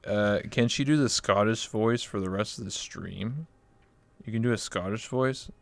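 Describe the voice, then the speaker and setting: A man's voice: fairly low pitch, normal speed, gravelly, no room sound. A man from Canada hosting a casual streamed interview, rambling with lots of fillers. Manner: rambling, filler-heavy, laughs easily. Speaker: interview host.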